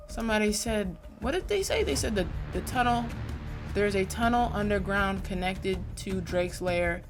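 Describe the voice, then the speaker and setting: Animated woman giving slangy reaction commentary. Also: moderate pace, over music. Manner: animated, slangy, swings between loud outbursts and low mutters. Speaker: sports reaction channel host. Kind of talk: casual live reaction commentary.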